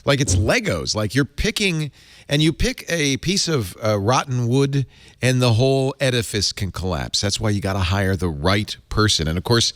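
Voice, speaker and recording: A middle-aged man hosting a tech podcast, chatting casually and reading an ad in an animated, rambling way. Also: mid-range voice, dry recording, clean studio sound. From Rhode Island. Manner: animated, rambling ad delivery with restarts. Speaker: podcast host. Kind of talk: casual tech podcast chat and live ad read.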